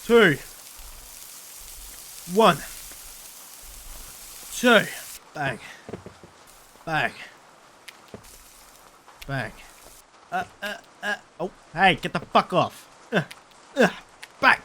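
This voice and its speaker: A man's voice: on the high side, sing-song, extremely slow, long pauses, bright, forceful tone, a little hiss or hum. A man doing crude, joking let's-play commentary while he plays. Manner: crude, joking, swears a lot. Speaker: gaming YouTuber.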